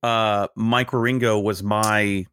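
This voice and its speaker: A man's voice: fairly low pitch, slow, clear, resonant tone, no echo, clean studio sound. A middle-aged man hosting a podcast, chatting casually and acting out the voices of people in his anecdotes. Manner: animated, acts out quoted voices in anecdotes. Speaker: podcast host. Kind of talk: casual conversational storytelling.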